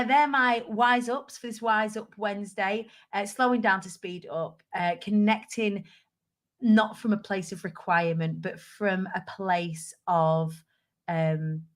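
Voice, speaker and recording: Chatty middle-aged woman vlogging. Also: mid-range voice. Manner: chatty, warm-hearted, rambling with fillers. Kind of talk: casual chat to camera. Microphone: computer webcam.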